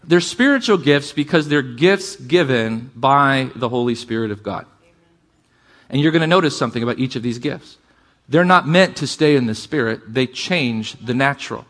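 A man preaching a sermon to a congregation, calling for amens and shifting between fast bursts and slow, quiet emphasis. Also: medium pitch. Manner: energetic preaching, calls for amens, varies pace and volume. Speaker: pastor.

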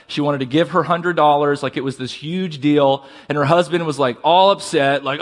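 A man preaching a sermon as pastor, asking the congregation for responses and slowing down to stress key words. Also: on the high side.

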